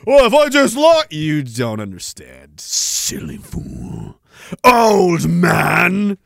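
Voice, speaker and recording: Animated, profane man in his thirties. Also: sits high, gravelly, clear, resonant tone, dry recording, studio quality. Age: 30s. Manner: profane, rambling, animated, self-mocking. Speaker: podcast host. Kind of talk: solo ranting podcast.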